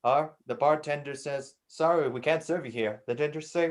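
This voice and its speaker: Man, improv player, plain mid voice, halting comic setups. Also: mid-range voice. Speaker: improv performer. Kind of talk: improv comedy game.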